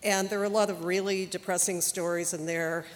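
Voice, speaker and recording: A woman with a slightly low voice gives an informal talk, introducing archival recordings one by one. Her delivery is relaxed and conversational. The sound carries a long hall reverb. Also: a little fast. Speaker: archivist presenter.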